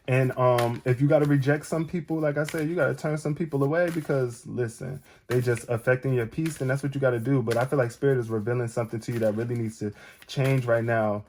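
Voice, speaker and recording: A man reading tarot cards in a loose, chatty way, talking straight to the viewer. His voice is mellow and warm, and he keeps leaning on "it's like" as he goes. His pitch sits in the middle range. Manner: casual, repeats "it's like", addresses the viewer directly. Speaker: tarot reader. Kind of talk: casual spoken tarot reading to camera.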